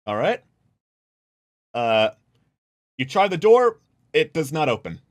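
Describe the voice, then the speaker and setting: A man's voice: on the high side, sing-song, slow pace. Hesitant man running a tabletop game. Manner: hesitant, filler-heavy narration. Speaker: game master.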